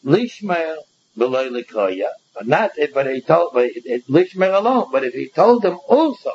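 A man's voice: fairly high pitch, very animated, measured pace, darkish tone, husky, highs cut off. A man teaching a Talmud class, explaining step by step and often repeating words as he goes.

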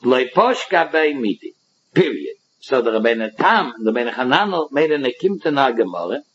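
A man's voice: medium pitch, sing-song, fairly quick, fairly bright tone, husky. A man giving a Talmud lecture, explaining each passage by acting out both sides of the dispute. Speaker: Talmud teacher. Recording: dull lo-fi recording.

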